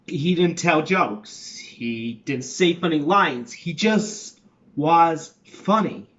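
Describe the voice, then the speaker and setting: A man playing a shy, nervous young comedy writer in a monologue, with a New York accent and halting delivery. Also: a little high, a bit bright, highs cut off. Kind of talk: acting a monologue.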